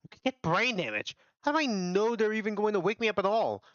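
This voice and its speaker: A man's voice: sits high, big pitch swings, a little fast, fairly bright tone, dry recording, dull audio, voice pushed up. A man voicing a frantic young man begging on the phone. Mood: frantic pleading. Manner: frantic, pleading.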